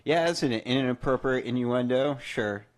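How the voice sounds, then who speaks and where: A man's voice: medium pitch, moderate pace. A man hosting a podcast, chatting casually and cutting in with wry questions. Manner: wry, interjecting with short questions and reactions. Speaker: podcast host. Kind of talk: casual chat.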